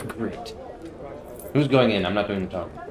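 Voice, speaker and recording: A man's voice: lowish voice, moderate pace, a crowd in the background. Joking man running a tabletop game. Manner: casual, joking. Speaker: game master. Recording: roomy echo.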